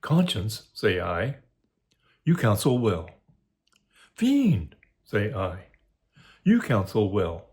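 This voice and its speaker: A man's voice: on the low side, wildly swooping pitch, very slow, pauses often, a little mellow, heavily acted. A man reading aloud as a young male comic servant, torn between leaving his master and staying. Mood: torn, dithering. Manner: dithering, argues both sides. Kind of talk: dramatic reading of a soliloquy.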